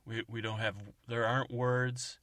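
A man voicing a composed, formal woman who leads a team of agents and speaks in a measured way. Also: mid-range voice, flat delivery, fairly bright tone, no echo, lightly acted.

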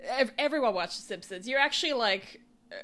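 A woman's voice: fairly high pitch, expressive, moderate pace, bright, forceful tone. Australian woman, casual chat, wry and dry.

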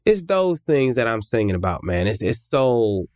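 A man, a musician guest telling a story in a lively, animated way and acting out other people's voices. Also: medium pitch, normal speed, no echo, studio quality. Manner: animated, acts out voices in stories. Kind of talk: conversational storytelling.

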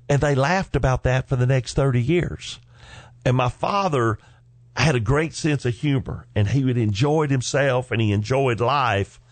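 A man in his forties, hosting a podcast, telling personal family stories in a folksy, animated way with chuckles along the way. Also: on the low side, dry recording. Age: 40s. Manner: folksy, animated storyteller who chuckles between lines. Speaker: podcast host. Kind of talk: personal storytelling.

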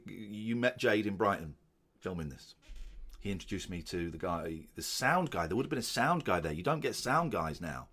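A man reminisces in a loose, animated chat. His voice is bright and swoops up and down. Now and then he slips into silly voices. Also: lowish voice. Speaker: comedian commenting on his old show. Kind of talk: casual chat.

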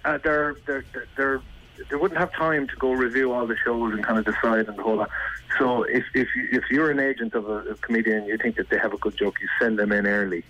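A man's voice: mid-range voice, fairly even intonation, fairly quick, sharp tone, lo-fi sound. An Irish man, a comedian, chatting casually on a radio show, rambling and self-deprecating with many restarts. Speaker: comedian and regular guest.

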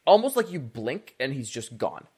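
A man's voice: medium pitch, normal speed, noisy background. A man narrating as game master of a tabletop game, casual and full of "like". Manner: animated, filler-heavy, casual.

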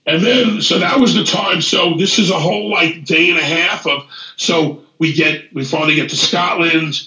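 A man hosting a casual chat, telling an animated story, swearing freely and acting out what people said. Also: a little high, moderate pace. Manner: animated, swears freely, retells scenes in quoted speech. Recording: echoey room.

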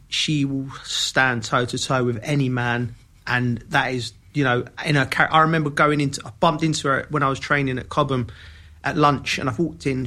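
Gravelly man. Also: medium pitch. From Kentish Town, London. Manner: lively storyteller who acts out quoted dialogue. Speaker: podcast co-host, former footballer. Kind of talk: casual podcast chat.

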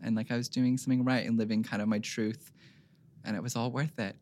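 A man's voice: mid-range voice, little pitch movement, fast, a little mellow. A young man, a fashion designer guest on a podcast, telling a moving story with lots of fillers and fighting back tears. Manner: gushing, filler-heavy, near tears. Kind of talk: emotional conversational storytelling.

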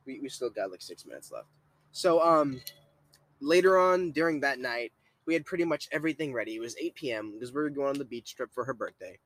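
A man's voice: mid-range voice, animated, a little fast, a bit bright. A young man hosting a casual podcast. He talks bluntly, swears a lot and stammers through restarts. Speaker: podcast host.

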